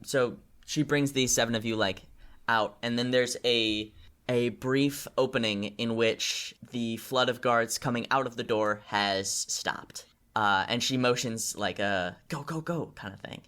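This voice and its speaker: A man narrating as game master of a tabletop game, halting often with fillers and restarts as he describes the scene. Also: medium pitch, fairly even intonation, fairly bright tone, clear, resonant tone.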